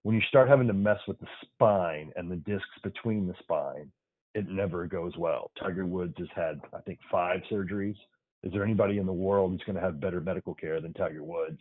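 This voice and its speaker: A man's voice: low-pitched, slightly rough, no echo. A man who works as an emergency physician, a guest on a podcast, upbeat and explaining things plainly. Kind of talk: casual podcast interview. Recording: dry, phone-like remote line.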